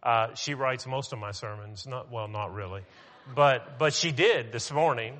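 A man preaching a sermon as pastor, talking in a conversational way with restarts, and slowing down for emphasis. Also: medium pitch, fairly bright tone, big-room sound.

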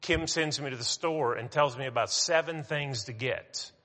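Bright-voiced preacher in a reverberant hall. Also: male voice, medium pitch. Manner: conversational preaching with restarts and pauses for emphasis. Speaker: pastor. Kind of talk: sermon.

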